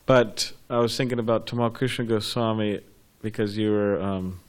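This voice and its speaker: A man's voice: lowish voice, steady tone, moderate pace, smooth. A man in a class, telling a story casually and rambling with fillers and restarts. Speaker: class participant.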